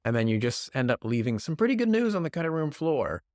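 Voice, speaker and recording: Lively joking man. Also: medium pitch, fast, no echo, studio quality. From Canada. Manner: rambling, joking, self-deprecating. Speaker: podcast host. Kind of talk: casual comedic news talk. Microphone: podcast microphone.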